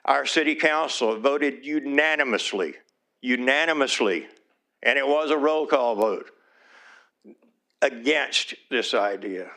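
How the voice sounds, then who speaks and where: A man speaks as a small-town mayor addressing a city board during public comment. His tone is earnest and pleading, and his voice sits at an ordinary middle pitch for a man. He keeps coming back to heartfelt requests, his voice thick with emotion. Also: slow, sharp tone. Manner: earnest and pleading, repeats "please", voice turns emotional.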